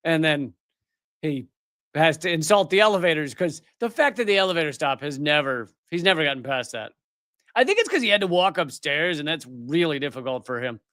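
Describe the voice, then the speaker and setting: A man's voice: on the high side, big pitch swings, brisk, a bit bright, dry recording, clean studio sound. A middle-aged man hosting a live political commentary show, ranting in a heated, sarcastic and mocking way. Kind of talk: live commentary rant on news clips.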